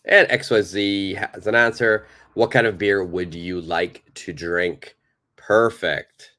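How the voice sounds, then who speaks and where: A man's voice: low voice, fairly even intonation, takes it slowly, bright, forceful tone. A man teaching a live online English lesson, patiently repeating and praising viewers' answers.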